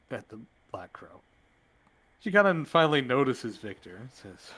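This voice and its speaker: A man narrating as game master, in a loose, relaxed way with plenty of fillers. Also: medium pitch, fairly quick, slightly rough.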